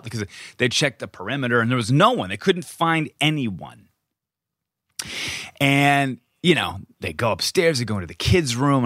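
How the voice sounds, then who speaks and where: A man co-hosting a podcast from home, telling a story in a lively, casual way, acting out quotes and swearing freely. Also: mid-range voice, a little slow, no room sound, clean studio sound. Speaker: podcast co-host. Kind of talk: casual chat.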